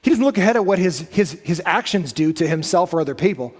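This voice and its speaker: High-voiced pastor in a reverberant church. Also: male voice, animated, fast. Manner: conversational storytelling with self-corrections and asides. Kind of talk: sermon. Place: church sanctuary. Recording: long reverb of a church hall.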